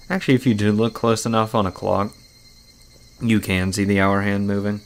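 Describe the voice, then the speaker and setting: Low gravelly guy commenting bluntly. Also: flat delivery, normal speed, slight background noise. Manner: blunt, swears freely. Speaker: let's play host. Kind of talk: casual commentary on a visual novel.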